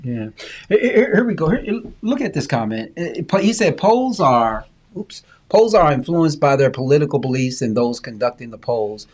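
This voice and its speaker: A man's voice: mid-range voice, sing-song, normal speed, a little mellow. Teasing man chatting about politics. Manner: teasing, reads viewer comments aloud. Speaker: podcast co-host. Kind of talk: casual political chat.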